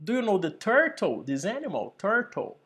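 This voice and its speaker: A man teaching an English lesson over a video call, slow and deliberate, building up example sentences. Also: high voice, huge pitch swings, a bit bright.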